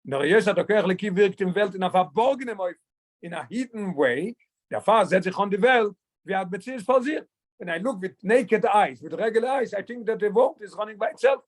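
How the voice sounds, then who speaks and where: A man's voice: high-pitched, animated, fairly quick. A middle-aged rabbi, teaching a Torah class and asking and answering his own questions. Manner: mixes English with Yiddish and Hebrew terms, asks and answers his own questions. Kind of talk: Torah lesson explaining a text.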